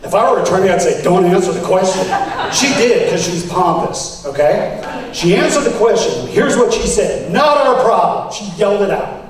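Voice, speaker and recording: A man gives a campaign speech to a room of delegates, his fairly high voice ringing through a very echoey hall. He sits back from the mic, and a faint hiss runs underneath. He tells his story with emphasis and lifts his voice when quoting others. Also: expressive, moderate pace, far from the mic. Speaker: political candidate. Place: convention hall.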